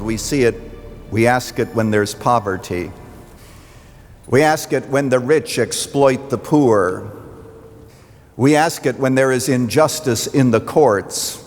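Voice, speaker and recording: A pastor preaching a sermon, building dramatically to loud pleas when quoting scripture. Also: male voice, medium pitch. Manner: dramatic, rising to near shouting on quoted pleas. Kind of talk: radio intro then sermon. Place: church sanctuary. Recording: long reverb of a church hall.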